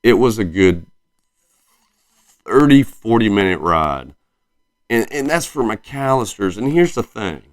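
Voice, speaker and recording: Thirties man, light Southern twang, low voice, dry close sound; casual rambling podcast host who self-corrects. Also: very animated, a little slow, pauses often, dry recording. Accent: slight Southern US twang. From South Carolina. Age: 30s. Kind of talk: casual solo podcast chat.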